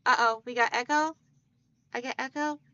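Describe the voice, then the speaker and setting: A woman hosting a casual quilting livestream, chatting warmly with viewers and greeting them by name as hon and sweetheart. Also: high-pitched, fairly even intonation, moderate pace, no room sound, lo-fi sound.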